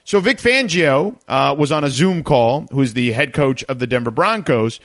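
A man in his thirties hosting a sports radio call-in show, reading phone numbers and promos quickly and chatting with many "uh" fillers. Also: medium pitch, animated, a bit bright.

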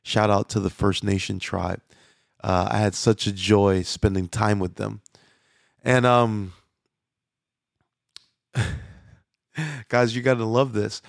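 A man's voice: lowish voice, steady tone, slow, creaky, pauses often, no echo, studio quality. A man preaching as a pastor, talking conversationally with frequent restarts and fillers. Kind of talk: sermon.

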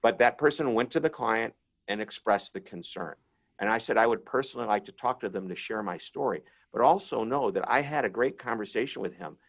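Man, host, gravelly voice, rambling, self-deprecating, casual storytelling. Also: fairly low pitch, brisk. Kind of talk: casual anecdote telling.

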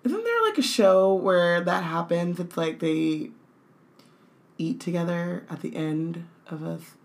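A woman co-hosting a casual podcast, riffing in rambling, animated bursts full of "like". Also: fairly low pitch, a little slow, vocal fry. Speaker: podcast co-host. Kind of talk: casual chat.

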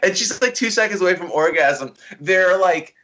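A man's voice: high voice, animated, moderate pace, sharp tone, dull audio. A man co-hosting a casual podcast, ranting profanely and mockingly about a bad movie. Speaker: podcast co-host. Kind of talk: casual movie review chat.

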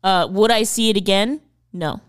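A woman co-hosts a podcast in relaxed conversation, laughing a lot and swearing freely. She has a smooth, mid-range voice at normal speed, recorded in clean studio sound with no echo.

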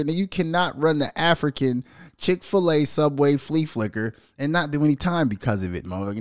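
A man's voice: mid-range voice, no room sound, studio quality. A young man hosting a casual solo podcast, ranting profanely and mocking people with impressions. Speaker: podcast host.

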